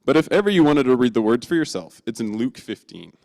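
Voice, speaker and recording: Animated man telling a sermon story. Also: mid-range voice, fast. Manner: animated, self-deprecating storytelling. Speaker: preacher. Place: church.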